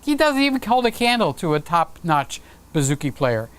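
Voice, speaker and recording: A man's voice: high voice, big pitch swings, moderate pace, clean tone. A man hosting a live stream, chatting casually and playfully with viewers and reading out their comments. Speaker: livestream host.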